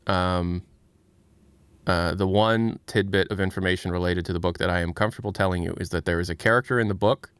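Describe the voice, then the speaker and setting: A man's voice: deep voice, smooth, no room sound. An American man hosting a livestream, talking casually and frankly, often restarting his sentences. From United States. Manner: rambling, self-interrupting, frank. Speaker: livestream host.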